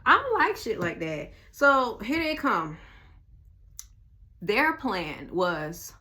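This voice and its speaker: Blunt, animated woman doing a tarot reading. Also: mid-range voice, slow pace. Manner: animated, blunt, swears freely, talks straight to the viewer. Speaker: tarot reader. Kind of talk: casual tarot reading to viewers.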